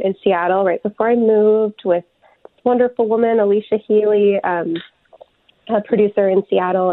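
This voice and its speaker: A woman's voice: mid-range voice, dry recording. A woman musician, a guest on a phone interview, talking reflectively with many ums. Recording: tinny phone line, dry.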